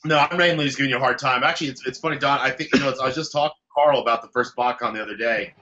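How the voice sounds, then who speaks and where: A man's voice: mid-range voice, rapid-fire, bright, forceful tone, lo-fi sound, a little hiss or hum. A man joining the show in casual chat, teasing the hosts. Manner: teasing, joking.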